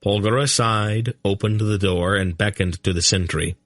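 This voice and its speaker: A man's voice: fairly low pitch, steady tone, moderate pace, few pauses, fairly bright tone, no echo. A man narrating an audiobook in a dry, comic storytelling manner.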